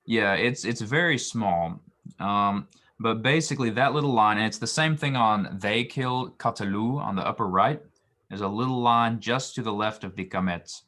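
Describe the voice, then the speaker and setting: A man's voice: fairly low pitch, normal speed, sharp tone. A man teaching a Hebrew grammar lesson, explaining patiently with frequent ums and restarts.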